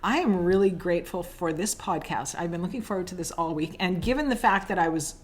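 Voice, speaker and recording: A woman's voice: lowish voice, a little fast. A middle-aged woman from Canada co-hosting a podcast, chatting casually and telling stories. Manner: chatty storyteller, agreeable. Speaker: podcast co-host. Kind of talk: casual chat.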